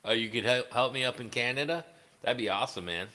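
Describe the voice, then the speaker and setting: A man's voice: medium pitch, fast, pushed and bright, in a large hall. A man chatting casually on a livestream, rambling and swearing, with many fillers. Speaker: livestreaming guitarist.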